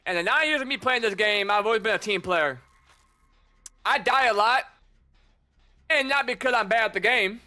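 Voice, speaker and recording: Very high, sharp-voiced male gamer. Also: moderate pace, pauses often. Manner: chatty, teasing taunts at opponents. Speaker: gamer streamer. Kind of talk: casual gameplay commentary.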